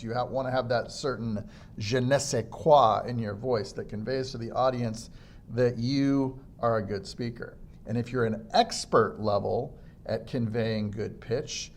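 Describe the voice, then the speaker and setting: Man, teacher, public speaking lesson, gravelly, demonstrates faults by mimicking them, faint hiss behind. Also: medium pitch, a little mellow. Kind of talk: instructional lecture on public speaking.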